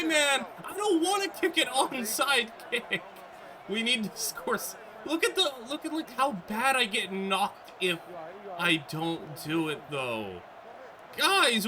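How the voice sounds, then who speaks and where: A man giving excitable let's-play commentary on a football video game, reacting aloud to each play. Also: very high voice. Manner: excitable, talks back to the game. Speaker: gaming YouTuber.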